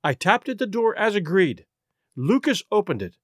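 A man reading the part of a distressed aristocratic young wife, confessing her secret in an earnest, halting way for an audiobook. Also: high-pitched, sing-song, dry recording, studio quality. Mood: anxious.

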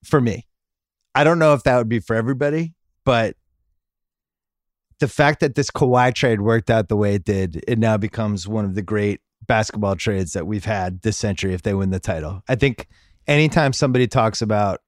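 A man's voice: on the low side, moderate pace, dry recording, clean studio sound. A man hosting a sports podcast, chatting casually and jokingly about basketball. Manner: animated, jokey, reads ad copy conversationally. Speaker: podcast host.

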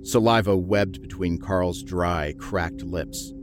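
A man narrating a horror story in a measured, grim storytelling manner. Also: low voice, fairly even intonation, music in the background.

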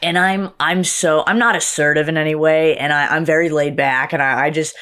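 A woman's voice: a little fast, clear, resonant tone. A young woman telling a story in casual chat, acting out what others said. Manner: animated, acts out quotes with big pitch jumps. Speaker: guest.

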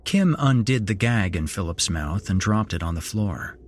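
A man narrating a horror story in a slow, measured storytelling manner as podcast host. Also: on the low side, animated, slight background noise.

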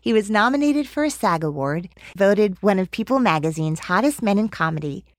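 A woman's voice: medium pitch, expressive, brisk, no echo, studio quality. A woman hosting an interview podcast, reading a guest introduction and then chatting in an upbeat, teasing way. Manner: upbeat, teasing, laughs often. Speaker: podcast host.

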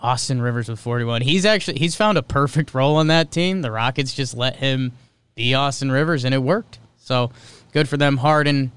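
A man hosting a casual sports podcast, reading off game scores in quick, clipped bursts with loose, offhand commentary in between. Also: mid-range voice, a bit bright, smooth, no echo. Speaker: podcast host.

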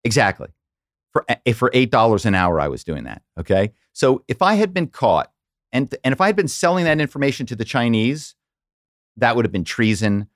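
A middle-aged man from the Philadelphia area, an animated storyteller who slips into quoted voices as a podcast guest. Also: medium pitch, brisk, no room sound, studio quality. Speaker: podcast guest, former corporate spy. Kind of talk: casual interview storytelling.

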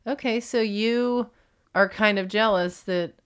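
A woman co-hosting a podcast in casual chat, teasing her co-host with dry, deadpan jokes. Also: mid-range voice, unhurried, clean tone.

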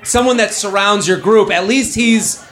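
High-voiced joking man onstage. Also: fairly bright tone. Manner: quick, joking, rambling riffs. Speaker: comedy podcast host. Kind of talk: live comedy advice banter. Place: comedy club stage with live audience. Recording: live audience crowd noise. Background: audience laughter.

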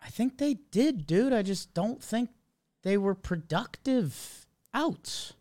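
A man's voice: high voice, lively intonation, takes it slowly, a little mellow, no room sound, clean studio sound. A man co-hosting a podcast, chatting about baseball in a laid-back, wry way. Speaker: podcast co-host. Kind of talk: casual sports chat.

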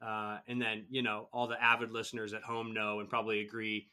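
Bright-voiced male host; casual, rambling interviewer. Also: on the low side, completely flat delivery, a little fast, clear, resonant tone. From Boston area. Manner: loose, filler-heavy, trails off softly. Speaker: podcast host. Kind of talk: scripted intro then casual interview chat.

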